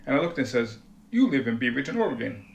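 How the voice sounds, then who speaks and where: Gravelly, profane man rambling candidly. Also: mid-range voice, big pitch swings, quick pace, slight background noise. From Rhode Island, USA. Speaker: vlogger. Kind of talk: casual confessional monologue.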